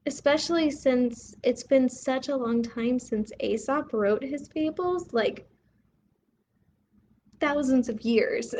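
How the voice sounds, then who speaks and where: A woman's voice: high voice, darkish tone, slight background noise. A woman hosting a children's bedtime story video, asking young viewers questions and explaining the lesson of a fable. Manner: asks the viewer questions, pauses to let them think.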